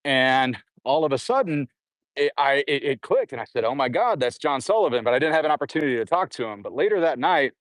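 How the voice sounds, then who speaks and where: A man telling a long personal story in a casual way, full of fillers and restarts, who puts on higher voices when quoting others. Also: lively intonation, quick pace, fairly bright tone, no room sound. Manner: rambling with frequent fillers and restarts; acts out quoted voices in a raised pitch. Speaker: guest recounting jail time.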